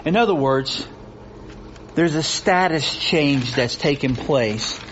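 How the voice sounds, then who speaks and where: A man's voice: a little high, takes it slowly, a bit bright, a little hiss or hum. A man preaching a sermon, reading scripture with rising intensity and pressing his points through repetition. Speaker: pastor. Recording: dull lo-fi recording with faint ambience.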